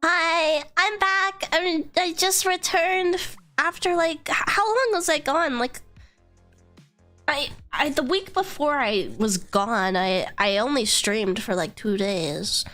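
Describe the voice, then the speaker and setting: A woman streamer, hoarse from being sick, chatting casually and giggling, squealing greetings to her viewers from her bedroom. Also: sits high, takes it slowly, sharp tone, soft background music. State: hoarse from illness. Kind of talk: casual live-stream chat.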